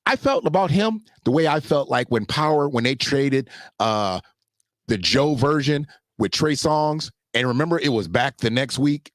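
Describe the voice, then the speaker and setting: Animated man in casual commentary. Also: moderate pace, dry recording, clean studio sound. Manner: animated, swings into high mocking voices when quoting. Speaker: host of a commentary show.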